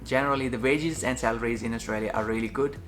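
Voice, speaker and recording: A man reading a scripted explainer video in a steady, list-like manner. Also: medium pitch, fast talker. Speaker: narrator of a played explainer video. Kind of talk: scripted informational narration. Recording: narration with faint background music.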